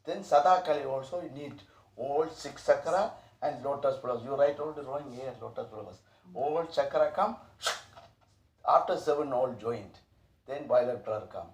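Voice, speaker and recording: Gravelly guy preaching in broken english, kinda far from the mic in an echoey room. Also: mid-range voice, moderate pace. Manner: broken English, repetitive, animated bursts. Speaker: spiritual teacher. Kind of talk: informal spiritual talk.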